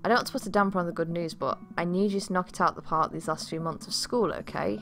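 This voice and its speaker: A woman's voice: on the low side, fast talker. A woman voicing a teasing, sentimental single father in a dating game. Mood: fatherly. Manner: warm, teasing, easily moved. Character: doting, sentimental single dad.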